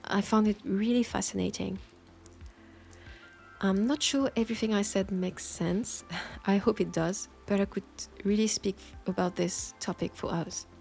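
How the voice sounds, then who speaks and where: Soft-spoken French-accented woman with faint music. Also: mid-range voice, fairly even intonation, measured pace, vocal fry. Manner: thoughtful, soft-spoken, with hesitant fillers and small laughs. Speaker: audio roleplay creator answering listener questions. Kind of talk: Q&A talk.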